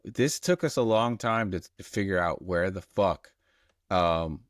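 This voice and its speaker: A man's voice: low voice, a little slow, dry recording, studio quality. A man co-hosting a casual podcast, poking at a TV episode with sardonic questions and casual swearing. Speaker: podcast co-host. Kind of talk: casual chat recapping a TV episode.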